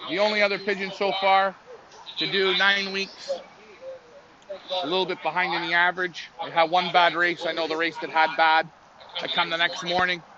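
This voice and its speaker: A man's voice: high-pitched, sharp tone, no echo. A man commenting on a live stream as pigeon loft manager, talking in a folksy, rambling way with many fillers. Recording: muffled audio with crowd noise.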